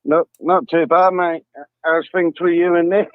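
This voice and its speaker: A man's voice: fairly high pitch, fairly even intonation, a little slow, dry recording. Confident male caller on a dull line. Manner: brief, confident answers. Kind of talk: casual phone-in chat. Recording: dull dry phone line.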